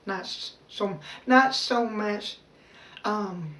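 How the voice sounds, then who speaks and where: A woman vlogging a personal self-help talk in a slow, halting, heartfelt way, pausing and restarting as she speaks. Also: medium pitch, fairly bright tone. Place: outdoors. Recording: roomy echo, voice a bit far from the mic, faint background noise.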